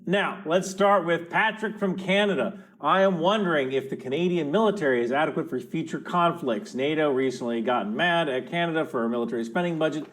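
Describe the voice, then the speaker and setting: Man, military analyst, casual commentary, chatty, fillers, restarts, somewhat high voice. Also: a little fast, few pauses, fairly bright tone. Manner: conversational, loose with fillers and restarts. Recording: clip played from another video.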